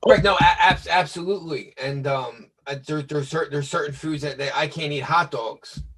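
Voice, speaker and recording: A man in casual chat, talking haltingly with many restarts and fillers. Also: fairly high pitch, fairly bright tone, far from the mic, slight background noise, poor audio.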